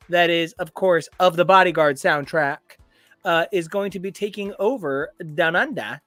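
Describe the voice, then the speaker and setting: A man co-hosting a casual podcast, animated and gushing, with a fairly high voice that leaps higher when he gets excited. The sound is dry and close, with faint music underneath. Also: no room sound. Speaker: podcast co-host. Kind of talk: casual chat.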